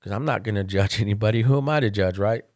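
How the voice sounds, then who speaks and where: Middle-aged male podcast host, low voice, candid casual storytelling, dry close sound. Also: fast, dry recording. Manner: candid, conversational, animated when quoting others.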